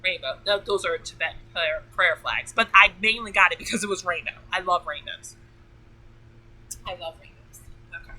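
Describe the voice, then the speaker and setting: A woman's voice: on the low side, moderate pace, bright, forceful tone, low-quality recording. A woman hosting a casual talk, enthusiastic and emotional, rambling with many fillers. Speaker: podcast host.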